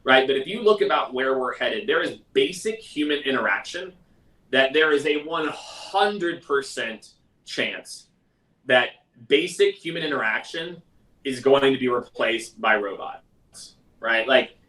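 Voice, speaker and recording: A man hosting a live sales question-and-answer stream in a casual, energetic, conversational way. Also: measured pace. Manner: energetic, conversational, mimics others in a high voice. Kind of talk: casual livestream talk. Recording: roomy echo, mic at a distance.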